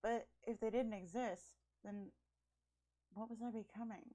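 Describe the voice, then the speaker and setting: A woman's voice: mid-range voice, steady tone, a little slow, mellow, poor audio. A woman reading a visual novel aloud, dropping breezy, swearing jokes between the lines. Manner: breezy, swears casually in jokey side comments. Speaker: let's play gamer.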